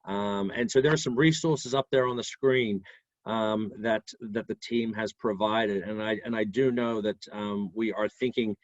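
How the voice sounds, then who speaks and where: A man's voice: fairly low pitch, normal speed, no room sound, highs cut off. A man hosting an online session, summing up takeaways in an easygoing way over a video call. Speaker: host. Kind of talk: casual webinar hosting.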